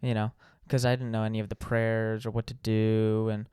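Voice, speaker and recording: A man co-hosting a casual podcast, telling a rambling story full of fillers and restarts. His voice is smooth and resonant, recorded dry and close. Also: fairly low pitch, little pitch movement, normal speed, mellow, no echo. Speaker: podcast co-host.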